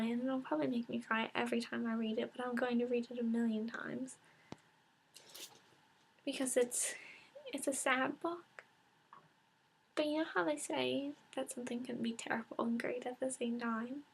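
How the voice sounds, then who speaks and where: A woman reviewing a book in a casual, unedited vlog, speaking softly and half-whispering, close to tears, with many pauses and restarts. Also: on the high side, steady tone, gravelly, husky.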